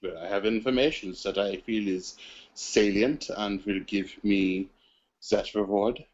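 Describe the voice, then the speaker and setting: A man plays a stooped, massively muscled vampire who speaks bluntly and deliberately. His voice is lowish and very unhurried. It sounds muffled and lo-fi, as in a tabletop game recording.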